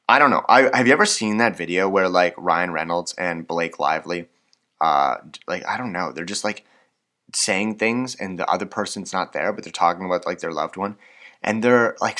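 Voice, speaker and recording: A man's voice: sits low, bright, forceful tone. Rambling young Canadian man, chatty. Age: 20s. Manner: rambling, self-deprecating, chatty with many fillers. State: hyped up on coffee. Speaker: podcast host. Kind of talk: casual solo podcast monologue.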